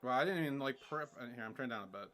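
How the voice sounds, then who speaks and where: A man in his twenties streaming a reaction, excitable and laughing, swearing often. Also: medium pitch, rapid-fire, faint music behind. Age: 20s. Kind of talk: livestream reaction commentary.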